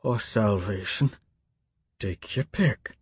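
A man voicing a grief-stricken old male priest who sniffles, mutters and then booms out scripture like a Sunday sermon. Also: slow, breathy edge, full character voice. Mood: haunted, pleading. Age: older. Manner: sniffling, broken, swings to booming preaching.

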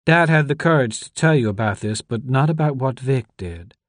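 A man reading aloud who voices a tearful young woman grieving a mentor, speaking softly with a lifted pitch. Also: expressive, normal speed, no room sound, clean studio sound, lightly acted. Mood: urgent.

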